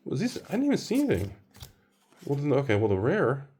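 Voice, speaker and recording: A man's voice: mid-range voice, huge pitch swings, fast, mellow, slight background noise. A man hosting a card-opening video, ranting casually and exclaiming over each card he pulls. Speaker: host opening card packs.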